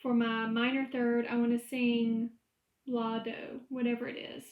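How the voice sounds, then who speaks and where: A woman's voice: a little high, level tone, unhurried, phone-quality sound. A woman music teacher giving a recorded lecture, explaining rhythm step by step and chanting the syllables. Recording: echoey room.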